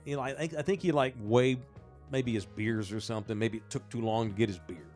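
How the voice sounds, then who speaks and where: Male podcast host, casual storyteller, animated and profane, acts out the people in his story. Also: on the low side, a little fast, faint music behind.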